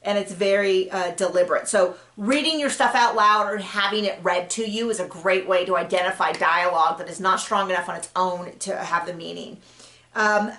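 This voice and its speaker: A woman's voice: mid-range voice, moderate pace, a bit bright. Chatty woman author in a roomy space. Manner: chatty, with frequent fillers and self-corrections. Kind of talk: casual advice talk to camera. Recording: roomy echo.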